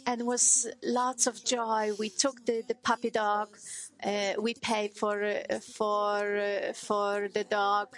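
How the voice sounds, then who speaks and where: A middle-aged woman giving a personal testimony as a mother, speaking halting, non-native English with many hesitations and restarts. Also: mid-range voice, level tone, low-quality recording.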